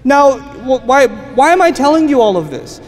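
A middle-aged man giving an animated religious talk, acting out classroom stories and dropping to hushed tones. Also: very high voice, moderate pace. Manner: animated storyteller, acts out scenes, drops to quiet hushed tones. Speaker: Islamic teacher and speaker. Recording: long reverb of a hall, faint noise.

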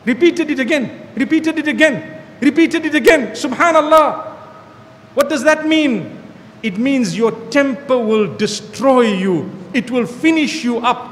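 Man, preacher, sermon, high-pitched, animated, repeats phrases, long hall echo. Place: hall with an audience.

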